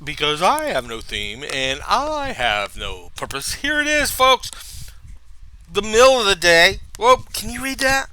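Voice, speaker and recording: A middle-aged man hosting a rambling, self-mocking podcast from home, goofy and excitable, laughing at himself. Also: sits high, measured pace, hardly any pauses, slight background noise. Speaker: podcast host. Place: home room. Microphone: camera mic.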